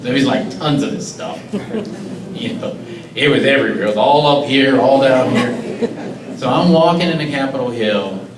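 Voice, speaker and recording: A man's voice: mid-range voice, expressive, normal speed, a crowd in the background. Earnest middle-aged man telling a story in a roomy hall. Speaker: county executive. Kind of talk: public speech, personal story. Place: community meeting hall. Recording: roomy, distant mic, faint ambience.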